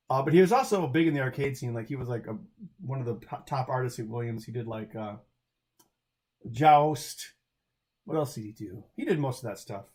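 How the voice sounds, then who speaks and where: A man's voice: medium pitch, a little mellow. A man hosting a livestream in casual chat, rambling with frequent restarts and chuckles, speaking into a desk mic. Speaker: livestream host.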